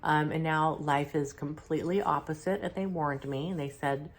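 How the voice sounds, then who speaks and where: Very deep-voiced middle-aged woman. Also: steady tone, slight background noise. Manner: halting and reflective, with many fillers and restarts. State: unwell, clearing her throat. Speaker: spiritual channeler and host. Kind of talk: casual first-person account.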